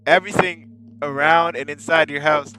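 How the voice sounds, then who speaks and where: A man joking and yelling through a horror game playthrough with casual commentary. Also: on the high side, fairly even intonation, normal speed, background noise. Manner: joking, with loud outbursts. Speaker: game player. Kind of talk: let's play commentary.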